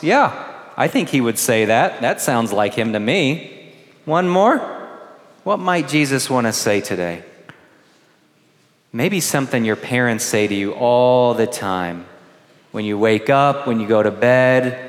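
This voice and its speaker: Slow-speaking priest in a reverberant church. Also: male voice, on the high side, very animated. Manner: slow, gentle, questioning the children. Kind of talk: homily to children. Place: large church.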